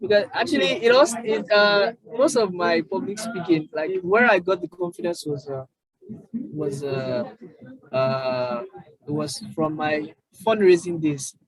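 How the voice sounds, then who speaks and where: A young Nigerian man telling his own story as an interview guest, halting with many fillers and restarts. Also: high-pitched, rough recording. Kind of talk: casual interview chat.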